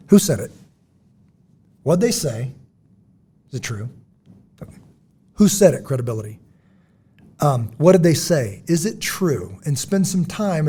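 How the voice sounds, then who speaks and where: A man hosting a podcast, talking in a blunt, emphatic, preachy way with a husky voice. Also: fairly high pitch, warm tone. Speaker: podcast host. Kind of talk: casual podcast discussion.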